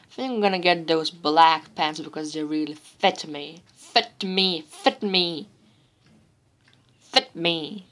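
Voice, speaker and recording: Slow rambling woman gamer commentator. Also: sits low, fairly bright tone. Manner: rambling, repetitive, chatty. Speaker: gameplay commentator. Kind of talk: casual let's-play commentary.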